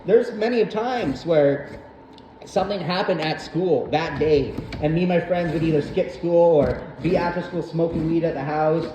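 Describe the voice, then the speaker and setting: A man's voice: fairly high pitch, normal speed, warm tone. A young man hosting a podcast, telling a rambling personal story full of swearing and fillers. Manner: rambling, profane, frequent fillers. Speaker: podcast host. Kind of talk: casual storytelling monologue. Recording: roomy echo, faint background noise.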